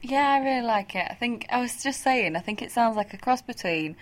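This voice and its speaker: A woman's voice: fairly high pitch, animated, brisk. A woman on a radio panel, bubbly and giggly as she shares opinions. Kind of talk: casual radio chat.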